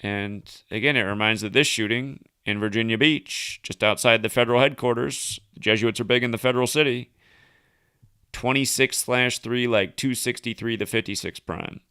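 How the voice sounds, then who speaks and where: A man's voice: medium pitch, moderate pace, pushed and bright, clean tone, no echo, studio quality. A man hosting a solo livestream, rambling through a chain of number links with casual asides. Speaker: livestream host.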